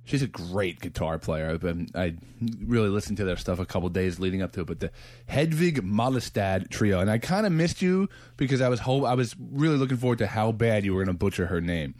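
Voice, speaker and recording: A man's voice: fairly low pitch, expressive, a little fast, darkish tone, dry recording. A man hosting a podcast, chatting casually, laughing often and rambling with restarts. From United States. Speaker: podcast host. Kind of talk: casual chat.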